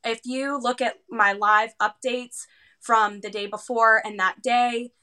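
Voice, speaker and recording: A woman with a bright, clear tone and a somewhat high voice tells a long personal story in an interview. She is animated and often pauses on fillers. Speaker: guest, heart patient's parent.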